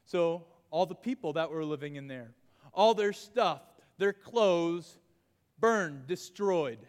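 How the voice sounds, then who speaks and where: Youth pastor, male, high and bright, animated crowd-work, reverberant hall. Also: slow, clear, resonant tone. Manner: playful, animated, calling out to a crowd. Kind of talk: energetic youth group lesson with audience game.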